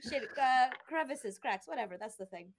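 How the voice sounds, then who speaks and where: A woman's voice: sits high, expressive, moderate pace, very noisy. A woman player in an online tabletop game who describes her character playfully and drops in French words as a joke. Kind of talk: casual tabletop play online.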